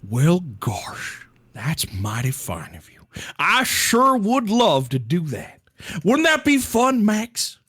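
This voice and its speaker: A man's voice: on the high side, very animated, unhurried, a bit bright, dry recording, studio quality, exaggerated voice. A man voicing a strange ancient cosmic father who talks in a rambling, theatrical way. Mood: goofy Southern. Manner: rambling, theatrical, later a goofy Southern drawl.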